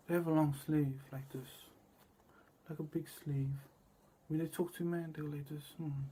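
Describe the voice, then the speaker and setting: A man talking in a rambling, disjointed monologue that jumps between loud and quiet passages and repeats itself. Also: on the high side, fairly even intonation, normal speed, breathy edge.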